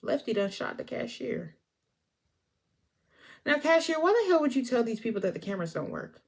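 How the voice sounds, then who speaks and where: A woman recapping a movie in a chatty, expressive way, talking straight to her viewers. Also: on the high side, normal speed, gravelly, slightly rough. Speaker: movie reviewer.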